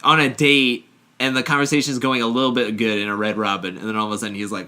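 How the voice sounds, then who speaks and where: A man's voice: medium pitch, fairly even intonation, fast, bright, forceful tone. A man co-hosting a casual podcast, reading dating stories aloud and joking, rambling and laughing often. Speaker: podcast co-host.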